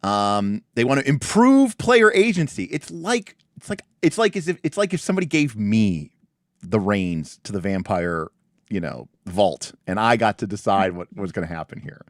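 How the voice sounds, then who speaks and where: A man with a low voice that swings widely in pitch, hosting a casual livestream about tabletop games. He talks in bursts, circling back with restarts and asides. The sound is dry and close, with little room around it. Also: normal speed, no room sound. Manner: animated, many restarts and asides. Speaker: livestream host. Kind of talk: casual chat reviewing a tabletop game.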